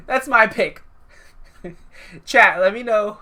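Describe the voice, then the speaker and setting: A woman's voice: mid-range voice, very slow, bright, forceful tone. A woman streaming a wrestling video game, chatting casually and with amusement as she thinks aloud. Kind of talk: casual gameplay commentary.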